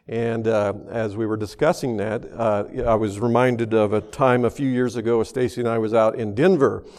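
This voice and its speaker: A man's voice: on the low side, steady tone, normal speed, darkish tone, in a large hall. A man preaching a sermon as pastor, telling folksy stories with a lot of uhs and restarts. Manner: folksy storytelling with many fillers.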